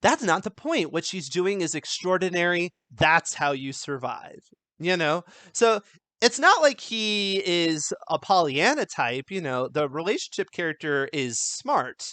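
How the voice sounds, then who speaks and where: A man teaching writing, talking through a film script in a loose, chatty way with lots of fillers. His voice sits a little higher than most men's. The sound is dry and close, with no room echo. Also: sing-song, a little slow, sharp tone. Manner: conversational, many fillers and restarts; reads film quotes aloud. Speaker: writing instructor. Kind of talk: script analysis lesson.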